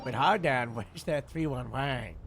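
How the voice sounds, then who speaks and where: A man role-playing a police captain over radio chatter, halting and full of fillers, using police jargon. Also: mid-range voice, music in the background.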